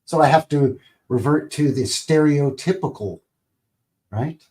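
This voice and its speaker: A man's voice: on the high side, unhurried, darkish tone. A Canadian man hosting a casual livestream, rambling and enthusiastic, often chuckling. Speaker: livestream host. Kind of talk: casual live-show chat.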